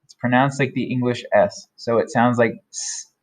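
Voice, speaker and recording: Man, German teacher, vocabulary lesson, slow careful repeats, mid-pitched voice. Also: steady tone.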